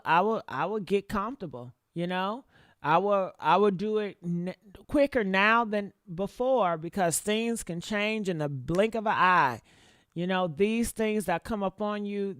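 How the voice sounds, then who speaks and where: A woman's voice: mid-range voice, no echo, studio quality. A woman giving blunt, profane, sassy commentary on a livestream, calling her listeners honey. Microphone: desktop mic.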